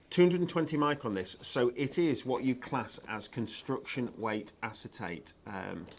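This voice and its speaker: A man's voice: medium pitch, unhurried, slight background noise. A man presenting craft products on a live shopping show, chatty and enthusiastic, with lots of ums and uhs.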